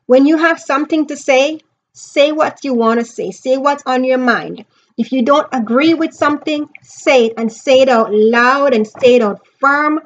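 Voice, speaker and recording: A woman who writes books reviews one in a casual vlog, talking earnestly and emphatically to her viewers. Her voice is high and bright in pitch. The audio sounds a little dull and lo-fi. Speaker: author reviewing a book.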